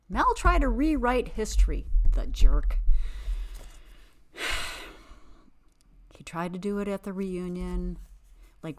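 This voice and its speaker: A woman hosting a podcast, recapping a reality TV show with sassy, exasperated, animated commentary. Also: lowish voice. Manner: animated, dramatic emphasis. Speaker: podcast host.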